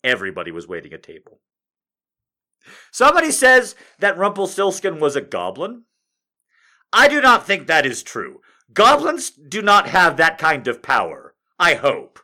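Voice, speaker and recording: A man's voice: high-pitched, huge pitch swings, a little slow, bright, forceful tone. A man hosting a comic video, rambling and swearing a lot as he rants and then reads fanfic aloud. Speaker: comedic video host. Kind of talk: comic rant and fanfic reading.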